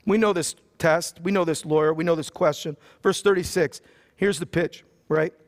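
A pastor with a fairly high voice for a man preaches to his congregation. He reads scripture aloud and then retells it in loose, joking everyday language. His sermon style is conversational, not formal. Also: fairly even intonation, normal speed. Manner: casual and joking, with slang asides.

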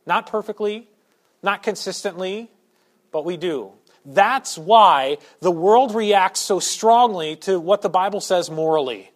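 High-pitched guy preaching a sermon, goes quiet then gets loud and punchy. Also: lively intonation, a little slow. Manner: swings from quiet asides to loud emphatic preaching. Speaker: pastor. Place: church sanctuary.

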